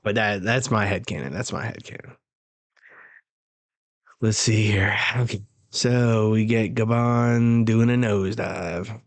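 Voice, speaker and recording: Male reaction host, unhurried slang-heavy delivery, dry close sound. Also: fairly low pitch, fairly even intonation, dry recording. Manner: casual slang, laughing between remarks. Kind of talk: casual live reaction, reading aloud.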